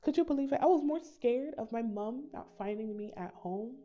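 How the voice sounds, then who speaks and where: A woman's voice: on the high side, normal speed. A woman from the Caribbean telling a casual story to her viewers, acting out the voices of the people in it. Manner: animated, acts out voices in quotes. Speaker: storytime YouTuber. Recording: slightly dull recording with soft background music.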